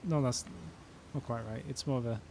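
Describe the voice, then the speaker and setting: A man's voice: medium pitch, steady tone, a little fast, a little mellow, slight background noise. A man from the north of England, chatting casually and rambling with jokes while streaming a game. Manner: rambling, joking, chuckles often. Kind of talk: casual chat while playing a game live.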